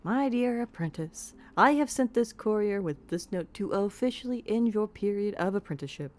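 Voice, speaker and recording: A woman's voice: mid-range voice, expressive, moderate pace, lightly acted. A woman with a put-on Southern American accent voicing a haughty male mage who writes off his apprentice. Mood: condescending.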